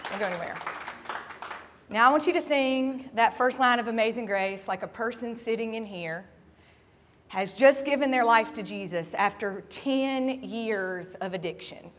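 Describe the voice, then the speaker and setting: A woman's voice: a little high, moderate pace, in a large hall, a faint crowd, slight background noise. A woman pastor preaching a sermon in a church, asking her listeners direct questions and building to impassioned cries. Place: church sanctuary.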